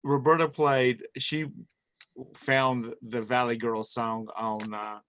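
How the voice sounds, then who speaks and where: A man's voice: mid-range voice, flat delivery, slow, a bit bright, clean tone. A man hosting a casual group chat, joking and laughing often. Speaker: show host.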